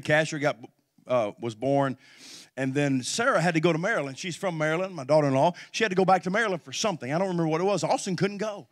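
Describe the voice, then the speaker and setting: High-voiced preaching pastor, man. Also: dry recording, studio quality. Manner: builds from calm storytelling to shouted exhortation, call-and-response. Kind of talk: sermon.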